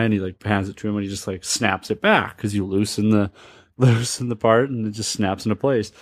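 A man's voice: on the low side, steady tone, fairly quick, no room sound, studio quality. A man casually telling a funny story, laughing along and acting out the voices of the people in it. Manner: laughing, acts out quoted voices. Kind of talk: casual anecdote.

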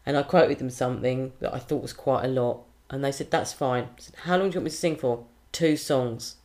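A woman, a singer and compère, chatting in an interview and telling stories with lively put-on quotes. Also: rumbling low, fairly quick. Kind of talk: casual interview chat.

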